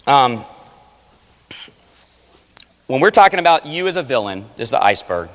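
A man preaching a sermon, animated, swinging between loud urging and hushed asides. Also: medium pitch, normal speed. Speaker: pastor. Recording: long reverb of a large hall. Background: audience.

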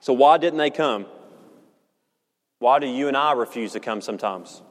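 Man, preacher, earnest sermon, measured delivery, mid-pitched voice, long church reverb. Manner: earnest, measured, slows for emphasis. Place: church sanctuary.

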